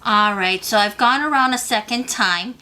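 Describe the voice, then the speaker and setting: Woman, craft tutorial host, bright tone, patient step-by-step guide. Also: mid-range voice, normal speed. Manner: patient, talks the viewer through each step. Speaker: beading instructor.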